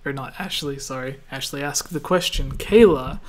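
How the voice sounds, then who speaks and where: Male podcast host from Canada, mid-pitched voice, easygoing chat that breaks into laughs often. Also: moderate pace. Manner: relaxed, laughs often, reads listener questions.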